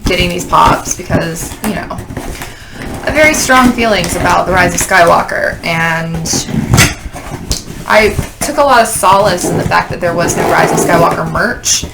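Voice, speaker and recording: A woman's voice: lowish voice, gravelly. A woman hosting a casual unboxing chat, gushing and sentimental about her collectibles, with lots of fillers. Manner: gushing, sentimental fan talk with many fillers. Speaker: podcast host. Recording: clicking noise in background.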